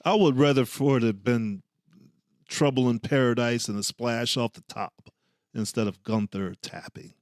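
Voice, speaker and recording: A man co-hosting a casual wrestling podcast, talking in a relaxed way with many fillers. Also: mid-range voice, normal speed, dry recording, clean studio sound. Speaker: podcast co-host, former referee. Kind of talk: casual sports chat.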